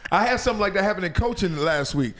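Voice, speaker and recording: A man hosting a podcast, telling a story in casual chat, animated and laughing as he acts out quotes. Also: high voice, fast, background noise. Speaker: podcast host.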